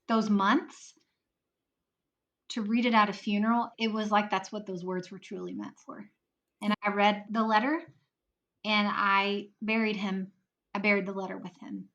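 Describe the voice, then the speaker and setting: Podcast guest, woman, earnest storyteller, mid pitch. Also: steady tone, measured pace, long pauses, a bit bright, dull audio. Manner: earnest, acts out quoted voices in her story. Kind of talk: emotional personal storytelling.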